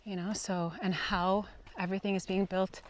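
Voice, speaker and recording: A woman's voice: medium pitch, little pitch movement, normal speed, slight background noise. A woman community manager chatting on an outdoor tour, sometimes searching for words. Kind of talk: walking tour chat. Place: outdoors on hillside land.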